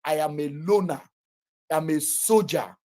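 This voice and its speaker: A man's voice: a little high, measured pace, dark tone. A man with a Nigerian accent, hosting a podcast and telling stories in a blunt, boastful way with frequent swearing. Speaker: podcast host. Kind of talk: casual storytelling chat.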